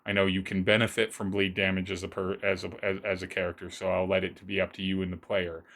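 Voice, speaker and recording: A man narrating a tabletop roleplaying game as game master, describing scenes in a halting way with many restarts. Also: sits low, completely flat delivery, a bit bright.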